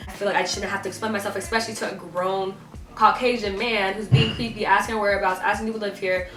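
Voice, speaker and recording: Animated teen girl, echoey room. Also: medium pitch, fast. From South Carolina. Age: teenager. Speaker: vlogger. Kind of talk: animated storytime rant. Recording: echoey, voice a bit far from the mic, faint music.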